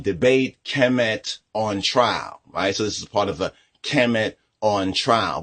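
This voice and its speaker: A man's voice: on the high side, fairly bright tone. A man giving a heated commentary vlog on religion, combative and repetitive, with frequent tag questions.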